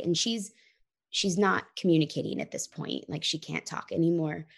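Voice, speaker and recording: A woman's voice: sits low, fairly even intonation, moderate pace, creaky. A woman in her thirties, an interview guest telling a personal story in an earnest, reflective way, often saying "like" and "you know".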